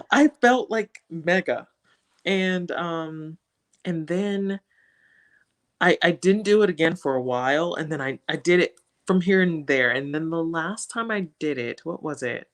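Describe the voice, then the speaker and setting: A woman from West Africa talking as a guest in a casual interview, animated and laughing often. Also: low-pitched, a little slow. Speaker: guest, social media creator.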